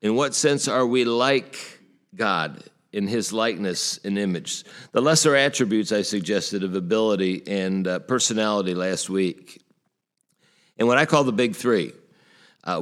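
Male pastor with a low voice, earnest sermon delivery, poses rhetorical questions to the congregation.

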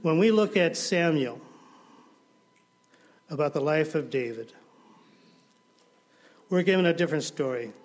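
A man's voice: fairly high pitch, animated, a little slow, pauses often. Dramatic male preacher. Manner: dramatic storytelling, swings from hushed to loud. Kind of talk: sermon.

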